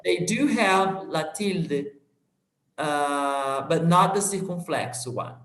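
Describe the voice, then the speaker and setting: A man who speaks natively, hosting an English practice chat. He is halting and searches for words, laughing easily. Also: on the high side, lively intonation, fairly bright tone, echoey room. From Brazil. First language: Portuguese. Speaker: host of an English practice session. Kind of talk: casual conversation.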